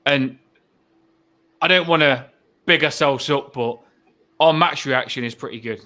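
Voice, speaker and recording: A man's voice: mid-range voice, unhurried, sharp tone. A man co-hosting a casual fan chat, talking in an earnest, upbeat and repetitive way. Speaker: co-host of fan channel.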